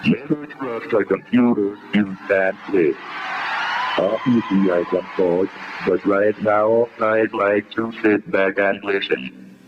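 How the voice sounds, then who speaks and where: A computer speech synthesizer with a male voice, playing a proud talking computer giving a stiff, formal introduction. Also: fairly low pitch. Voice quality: flat robotic speech synthesis. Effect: text-to-speech synthesizer. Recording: muffled old archival recording with noise.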